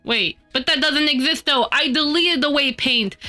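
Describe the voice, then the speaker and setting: A woman streaming while she models in 3D, scolding her software in exasperated outbursts, her nose stuffy from a cold. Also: sits high, moderate pace, soft background music. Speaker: VTuber streamer. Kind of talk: casual live-stream chatter while 3D modeling.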